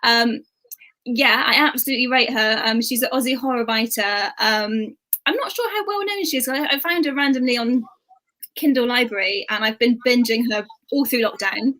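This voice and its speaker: A woman's voice: fairly high pitch, moderate pace, bright, forceful tone. A woman comedian with a Bristolian accent, chatting as a guest over a video call, laughing often and using casual slang. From England. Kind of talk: casual chat show interview.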